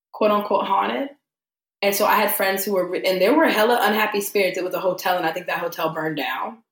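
A woman's voice: medium pitch, roomy sound. A young adult woman telling a story in casual chat, acting out the voices of the people she quotes. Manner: animated, acts out quoted voices. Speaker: podcast guest.

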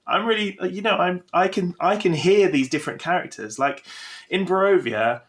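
A young man, a podcast co-host and game master, chatting casually with animated, self-deprecating storytelling. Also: sits high, moderate pace.

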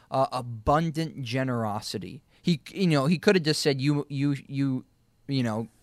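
A man's voice: mid-range voice, fairly bright tone, no room sound, clean studio sound. A man leading a casual Bible study, reading verses aloud and explaining them word by word. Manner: reads scripture aloud, repeats key words, laughs easily. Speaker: Bible teacher.

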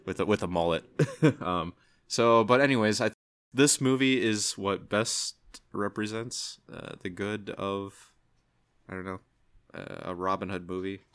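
A low-voiced man talks through a film in casual podcast chat, rambling and unsure of himself. His speech keeps trailing off and circling back. The recording is dry and close, with no room sound. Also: a bit bright, no echo. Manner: hesitant, rambling, many "I don't know"s. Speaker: podcast co-host. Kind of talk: casual movie review chat.

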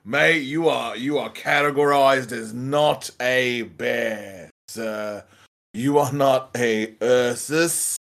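Here is a small, fussy parakeet played by a man in a tabletop game, talking with a put-on Australian accent. He stammers and says "uh" a lot when he gets nervous, and he is pedantic about how animals are classified. He speaks at a slow, unhurried pace. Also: medium pitch, a bit bright. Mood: flustered. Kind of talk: tabletop role-play.

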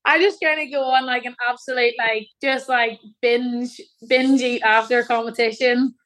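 A woman's voice: a little high, fairly even intonation, moderate pace, a bit bright. Chatty young woman, laughing, rambling. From Ireland. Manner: laughing, rambling with many fillers. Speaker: guest athlete. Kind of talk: casual chat.

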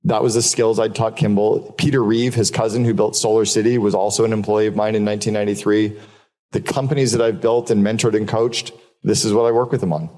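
A man's voice: lowish voice, flat delivery, fast talker, a little mellow. A man giving a candid, profane business keynote to a live audience, telling stories and repeating points for emphasis. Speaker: keynote speaker. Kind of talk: live business talk with storytelling. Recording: long hall reverb.

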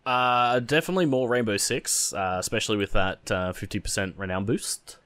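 A man's voice: fairly low pitch, a little fast, fairly bright tone, smooth, no echo. A man co-hosting a casual gaming podcast, laid-back and hesitant with fillers. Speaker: podcast co-host.

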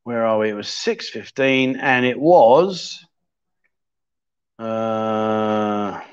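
This man hosts a casual livestream chat show, joking and thinking aloud as he scrolls through and reads viewer comments. He speaks very slowly in a fairly low, clear, resonant voice. The sound is slightly dull and lo-fi.

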